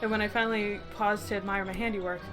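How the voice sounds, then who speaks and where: A woman's voice: medium pitch, steady tone, fast, over music. A young woman streamer reading a story game aloud, breaking off to swear and laugh at it. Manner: swears freely, bursts into laughter. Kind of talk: reading a visual novel aloud with reactions.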